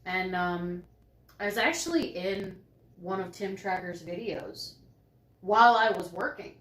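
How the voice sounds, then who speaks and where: In an unhurried, expressive way, a woman co-hosts a live stream from home, telling bubbly stories and chatting casually. She voices herself and other people with large pitch jumps. Her voice is a bit bright, the space reverberant, and there's slight background noise.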